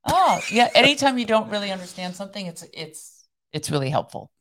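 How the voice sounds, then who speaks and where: A woman's voice: medium pitch, sing-song, a little fast, fairly bright tone, a little hiss or hum. A woman co-hosting a casual faith podcast, explaining ideas in a chatty way. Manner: explanatory, chatty, laughs easily. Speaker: podcast co-host. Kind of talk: casual chat.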